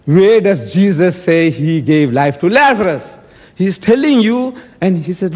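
A man's voice: high voice, expressive, unhurried, a little mellow. Emphatic man debating in a reverberant hall. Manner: emphatic, argumentative, acting out quoted speech. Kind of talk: public debate speech.

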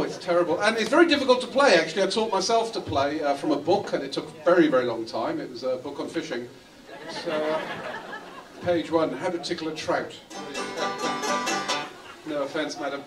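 An English man doing stand-up comedy on a club stage, dropping his punchlines in a deadpan, throwaway way between bits of banjo playing. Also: a little high. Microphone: stage microphone. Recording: roomy club sound from a distance. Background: banjo playing, audience laughter.

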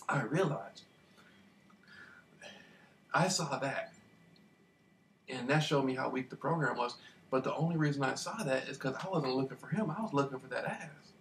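A man telling a rambling personal story in a casual monologue, repeating himself and getting animated as he retells it. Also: medium pitch. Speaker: vlogger. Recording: distant mic with faint background noise.

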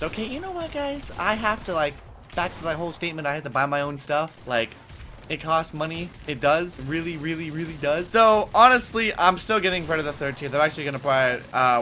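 Young male gamer host, bright and sharp-toned, hyped profane trash talk, rambling with lots of "like". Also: fairly high pitch, a little hiss or hum. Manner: rambling with many fillers. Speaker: gaming channel host. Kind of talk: casual gameplay commentary.

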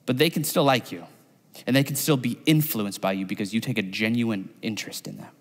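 A man's voice: fairly high pitch, big-room sound. Punchy, conversational male pastor. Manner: conversational, punchy, asks the crowd. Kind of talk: sermon. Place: church sanctuary.

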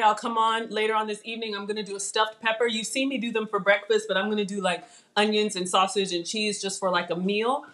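A woman's voice: fairly high pitch, fairly bright tone. A middle-aged woman hosting a live cooking stream in her home kitchen, chatting casually, laughing and reading viewer comments aloud.

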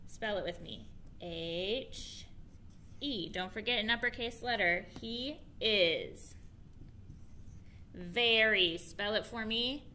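A woman teacher giving a reading lesson to young children, spelling and sounding out words slowly and asking them to repeat after her. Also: mid-range voice, bright, forceful tone, a little hiss or hum.

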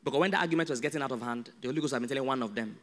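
Animated Nigerian pastor in reverberant hall. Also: male voice, medium pitch, very fast. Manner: animated, humorous, acts out dialogues. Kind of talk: sermon.

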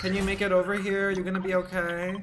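A man's voice: high-pitched, completely flat delivery, fast, over music. A man streaming a game and chatting to viewers, sassy and dramatic, swearing a lot. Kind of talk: casual livestream chat while gaming.

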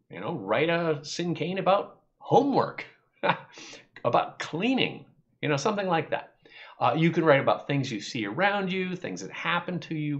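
A man's voice: a little high, a bit bright. A middle-aged American man explaining poetry to children in a friendly, enthusiastic way, with fillers and restarts. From United States. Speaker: poetry teacher for kids. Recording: slightly dull lo-fi audio.

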